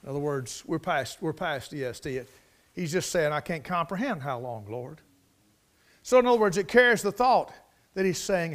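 A man's voice: a little high, animated, normal speed. A man preaching a sermon, leading a prayer and building emphasis through repetition. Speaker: pastor.

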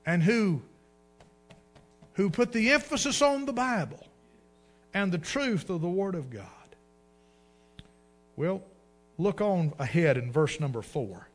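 A pastor preaching a sermon, slowing to quote scripture and dropping to a hushed tone at line ends. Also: male voice, high voice, animated, faint music behind.

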